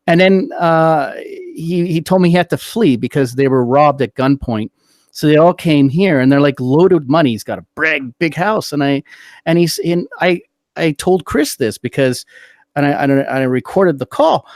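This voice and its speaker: A middle-aged man with a somewhat high voice rants in a casual podcast chat, profane and rambling, restarting his sentences as he gets worked up. The sound is dry and close, with no room around it. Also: lively intonation, normal speed, no room sound. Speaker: podcast host.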